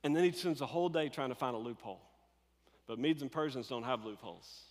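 A man preaching a sermon, telling a Bible story in an animated, conversational way and acting out the characters. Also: medium pitch, fast talker, long reverb tail. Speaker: pastor.

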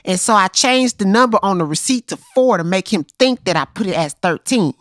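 A woman's voice: medium pitch, expressive, a little fast, no echo, clean studio sound. Woman telling an improv story. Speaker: improv player.

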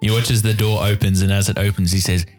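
A man's voice: on the low side, little pitch movement, quick pace, darkish tone, faint music behind. A man narrating as game master of a tabletop game, in loose, chatty narration.

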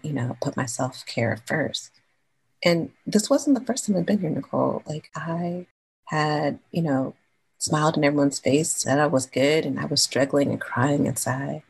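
A woman's voice: deep voice, creaky, breathy edge, rough recording. A woman from California telling her own story as a guest in a casual, chatty, slangy way. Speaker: podcast guest.

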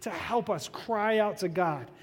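A young man giving a sermon as pastor, earnest and conversational, sometimes pleading softly. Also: sits high, unhurried, long reverb tail.

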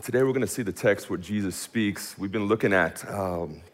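Energetic lower-voiced male pastor preaching. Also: normal speed. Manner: energetic, says "man" often, speeds up when worked up. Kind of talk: sermon. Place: church meeting room.

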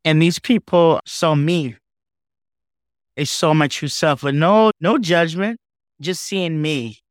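Heartfelt, animated man telling his story. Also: fairly high pitch, slow, no echo, studio quality. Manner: heartfelt, animated, says "man" and "okay?" often. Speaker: podcast guest. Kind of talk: emotional personal storytelling.

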